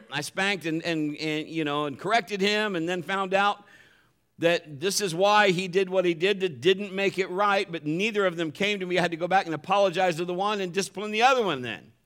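A man's voice: high voice, normal speed, fairly bright tone, clean tone. A pastor preaching a sermon in a conversational way, acting out the voices he quotes.

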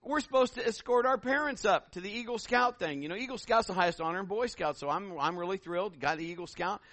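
A middle-aged male pastor tells homespun stories in his sermon. His voice sits high and lively. The sound is close and dry, with little room. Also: fast talker, no echo. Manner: animated, folksy storytelling.

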